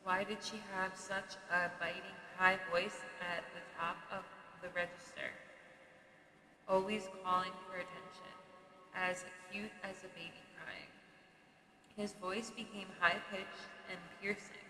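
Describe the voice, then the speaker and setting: A woman reading a memoir aloud at a steady pace, sometimes stumbling and restarting a phrase. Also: mid-range voice, a little slow. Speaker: reader. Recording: echoey room with long reverb and faint noise.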